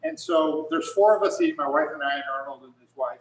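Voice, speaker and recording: A man's voice: a little high, very animated, fast talker, distant mic. A middle-aged man, a photographer, telling rambling stories in casual talk on a video call with many restarts. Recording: echoey room, speaker off mic.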